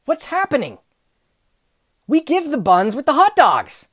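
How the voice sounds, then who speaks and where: A young woman telling funny workplace stories, acting out the people in them and swinging from hushed asides to loud outbursts. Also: high voice, normal speed, no room sound, studio quality. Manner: animated, acts out dialogue, swings from hushed to yelling. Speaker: storyteller. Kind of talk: comedic storytelling vlog.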